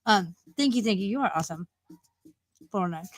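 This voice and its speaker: A woman's voice: medium pitch, lively intonation, brisk, slight background noise, rough recording. Profane, rambling woman livestream host. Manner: profane, rambling, easily distracted. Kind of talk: casual livestream chat.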